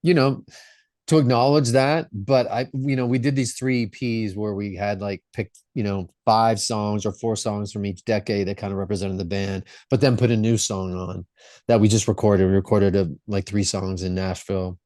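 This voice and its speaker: A man's voice: lowish voice, flat delivery, normal speed, warm tone, no echo, studio quality. A man who is a rock singer, the guest on a podcast, telling stories in an earnest, reflective way. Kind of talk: casual interview storytelling.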